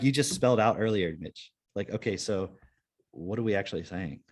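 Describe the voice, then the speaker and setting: A man chats loosely on a podcast in an ordinary middle male pitch. He rambles, fills gaps with "like", and swears freely. His manner stays relaxed and conversational throughout. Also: breathy edge. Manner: rambling, laid-back, swears freely, many fillers. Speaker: podcast host. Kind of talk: casual chat.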